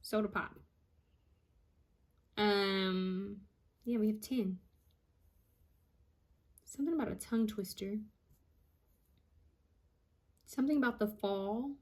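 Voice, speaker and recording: A woman psychic medium reading out channeled messages, repeating each word she hears and pausing often with ums. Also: medium pitch, darkish tone. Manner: hesitant with frequent ums.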